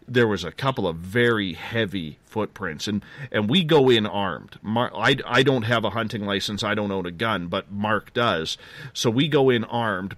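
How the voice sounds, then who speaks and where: A middle-aged man tells a story as a radio interview guest, and his excitement keeps getting ahead of him, so he restarts sentences and jumps back. His voice sits low, and the sound is dry with no room around it. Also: dry recording. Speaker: interview guest, field investigator.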